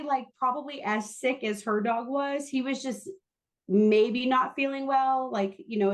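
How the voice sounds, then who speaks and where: Animated woman telling a candid story. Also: on the high side. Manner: animated, self-deprecating, quick asides. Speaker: interview guest. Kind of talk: candid storytelling in a podcast interview.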